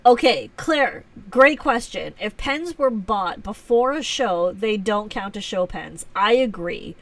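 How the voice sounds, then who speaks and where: A woman hosts a relaxed live stream and chats with her viewers, poking fun at herself and laughing often. Her voice sits at an ordinary middle pitch. She is picked up from a little way back from the microphone. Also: slow pace, no echo, far from the mic. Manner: chatty, self-teasing, laughs often. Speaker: livestream host. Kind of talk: casual live chat answering viewers.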